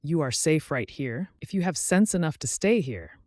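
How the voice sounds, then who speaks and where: A self-assured muskrat with a testy edge, played by a man reading a storybook. He speaks firmly and a touch high, in a dry, close recording. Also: lively intonation, brisk, a little mellow, dry recording, lightly acted. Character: confident, slightly testy male muskrat.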